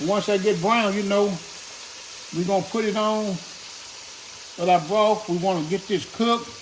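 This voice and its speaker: Here the host's pitch is high and his intonation fairly even as he talks unhurriedly through his stew, chatty and folksy, with "look" cropping up often. It's a casual home-kitchen demo, recorded with the mic somewhat far away, some echo, and a touch of hiss or hum.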